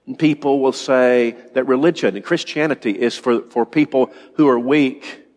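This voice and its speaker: A man preaching a sermon as pastor, often pausing and repeating words as he thinks aloud. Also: medium pitch, fairly even intonation, darkish tone. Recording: long reverb of a large hall.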